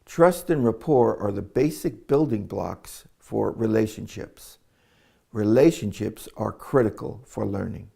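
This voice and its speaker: A man's voice: mid-range voice, vocal fry, dark tone. A man training teachers in a live workshop, chatting with his audience and demonstrating with a volunteer in a training room.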